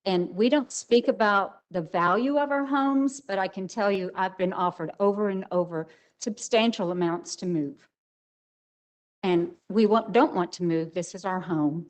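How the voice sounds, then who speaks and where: A woman's voice: mid-range voice, unhurried, poor audio. An older woman speaking as a resident at a public hearing, emotional and emphatic. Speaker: resident giving public comment.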